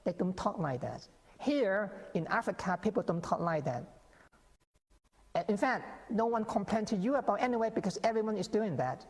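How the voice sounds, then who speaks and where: A man's voice: high voice, animated, normal speed. A man speaking as a guest on a TV interview, explaining his views earnestly with many repeated words and restarts. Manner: earnest, repetitive, frequent restarts and stammered words. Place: TV studio. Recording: reverberant TV studio sound.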